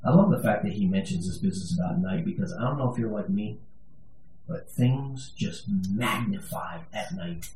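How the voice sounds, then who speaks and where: A man's voice: lowish voice, normal speed, darkish tone, slight background noise. A male pastor giving a sermon, conversational and emphatic, with touches of humor. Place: church sanctuary. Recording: echoey room, voice from a distance.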